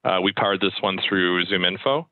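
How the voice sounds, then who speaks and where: A man's voice: low-pitched, brisk, a little hiss or hum. A man chatting casually between cold calls, talking in loose runs with fillers and restarts. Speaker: sales rep making cold calls. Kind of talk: casual chat while cold calling. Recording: tinny phone-like call audio.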